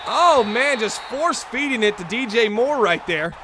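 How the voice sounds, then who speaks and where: A man hosting a football video game livestream, calling the plays in excitable play-by-play and chatting to viewers. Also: high voice, moderate pace, over music. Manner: excitable, chatty, talks straight to the chat viewers. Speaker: livestream host and commentator.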